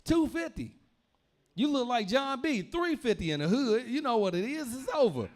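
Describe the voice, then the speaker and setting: Lively young man telling stand-up stories. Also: extremely high pitch, brisk. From Louisville, Kentucky. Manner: loose, rambling storytelling with repeated phrases. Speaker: stand-up comedian. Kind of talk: stand-up comedy set.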